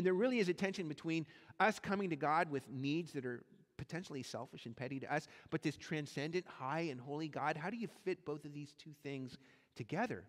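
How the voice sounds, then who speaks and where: A male pastor preaching a sermon, animated and acting out the voices in the stories he tells. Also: on the high side. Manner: animated, acts out quoted voices in his storytelling. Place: church sanctuary. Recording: long church hall reverb.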